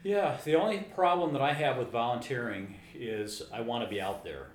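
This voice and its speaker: A man talking casually as a co-host, earnest and halting, often restarting his sentences. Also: medium pitch. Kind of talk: casual chat. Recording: echoey room with faint ambience.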